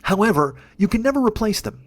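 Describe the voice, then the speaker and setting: Fast-talking high-voiced male comic. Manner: profane, rambling, animated. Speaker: podcast host. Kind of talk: comedic storytelling monologue.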